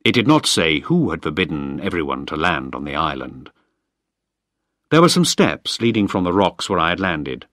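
Low-voiced man reading a story. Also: big pitch swings, moderate pace, a bit bright, no echo, clean studio sound. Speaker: narrator. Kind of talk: scripted story narration.

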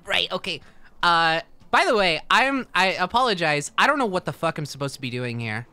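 A woman's voice: lowish voice, very animated, moderate pace, pushed and bright, no echo. A woman casually narrating a role-play, giggly and easygoing. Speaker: co-player.

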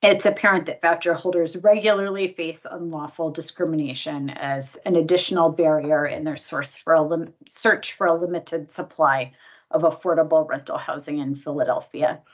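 Woman, deep voice, formal prepared testimony, measured delivery, muffled lo-fi sound. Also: fairly even intonation. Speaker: advocate testifying at a hearing. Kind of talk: reading a prepared statement.

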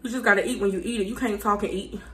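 A woman reviewing fast food on her channel. She chats casually with viewers, talks with her mouth full and hums between bites because the food is burning her mouth. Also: mid-range voice, steady tone, a little hiss or hum. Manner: chatty, addresses viewers as y'all, hums while eating.

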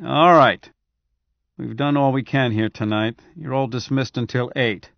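A stern male project chief giving brisk orders, loud and firm, as a male narrator puts him on. The recording is dry and a bit muffled. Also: mid-range voice, gravelly, no room sound. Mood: commanding. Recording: dry, slightly dull audiobook recording.

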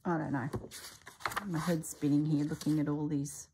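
A rather low-voiced woman leafs through a craft book and talks it over in a relaxed, chatty way. She exclaims and muses aloud, often leaving sentences half-finished. A faint hiss of noise sits under her voice. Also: normal speed. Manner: exclaims and muses aloud while browsing, trails off mid-sentence. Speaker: craft vlogger reviewing a book. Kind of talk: casual chatty book review.

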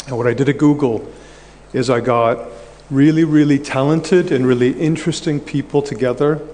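Nervous halting man in a conference hall. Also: mid-range voice, a little mellow. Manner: halting, repeats words, many fillers. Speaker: conference guest speaker. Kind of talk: on-stage conversation. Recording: hall reverb, faint background noise.

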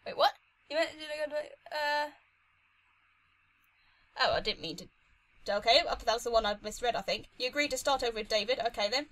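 Bright, high-voiced gamer girl. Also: a little fast, pauses often, low-quality recording. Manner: chatty, excitable, talks to herself and the game. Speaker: let's play host. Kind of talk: gaming commentary.

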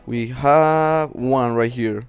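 A man's voice: medium pitch, drawn-out words, vocal fry, clean tone. A young man giving rambling casual commentary while playing a game, talking to himself and swearing at enemies. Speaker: let's play host. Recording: faint game music behind.

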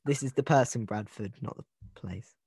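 A man's voice: on the low side, moderate pace, dark tone, breathy edge, no room sound, studio quality. Man hosting a joking true-crime chat. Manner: joking, rambling with restarts. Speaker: podcast host. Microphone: video call.

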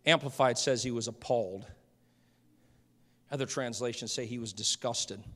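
Male pastor, very high and sharp voice, fiery sermon in a reverberant sanctuary. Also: normal speed. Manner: impassioned preaching, swelling to shouts. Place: church sanctuary. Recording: church hall reverb.

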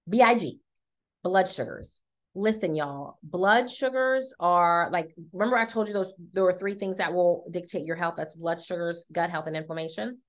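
A woman's voice: fairly low pitch, a bit bright. A woman, giving an upbeat, chatty sales talk and often checking in with her listeners. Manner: chatty, upbeat, says "y'all" and "okay?" often. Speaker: wellness product presenter.

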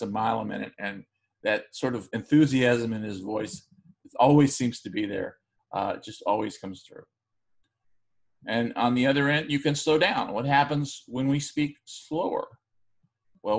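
A man with a mid-range, gravelly voice delivers a recorded class lecture. He talks in a relaxed, conversational way, often pausing on fillers and restarting his sentences as he explains. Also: medium pitch. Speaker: teacher.

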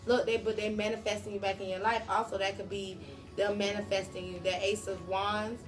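A woman's voice: mid-range voice, little pitch movement, a little fast, music in the background. A woman doing a casual tarot reading, talking straight to her viewers in a slangy, profane way. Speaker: tarot reader.

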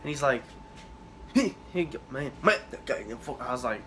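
A man's voice: mid-range voice, animated, sharp tone, slight background noise. Rambling, swearing young man vlogger. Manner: rambling, profane, halting with many fillers. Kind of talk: casual storytelling vlog.

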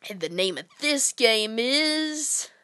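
Bright, goofy woman gamer. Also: on the high side, lively intonation, slow pace, clear, resonant tone, dry recording. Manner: goofy and playful, jumping between whispers, squeals and shouts. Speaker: gameplay commentator. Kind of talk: casual let's-play commentary.

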